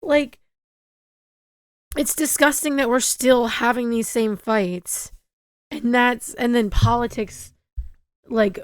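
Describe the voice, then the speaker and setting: A woman's voice: fairly high pitch, no room sound. A woman co-hosting a casual podcast chat, talking in an impassioned, heated way, swearing and stammering. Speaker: podcast co-host.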